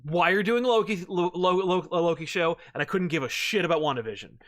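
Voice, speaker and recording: A man from the United States co-hosting a comic review show, chatting excitedly, rambling with restarts and casual swearing. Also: high voice, quick pace. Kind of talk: casual chat.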